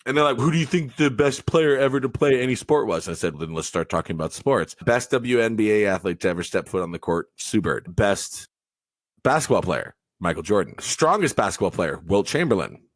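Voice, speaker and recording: A middle-aged teacher and football coach chatting on a podcast, his low voice swinging up and down as he tells jokey class stories. He is animated and casual. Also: a little fast.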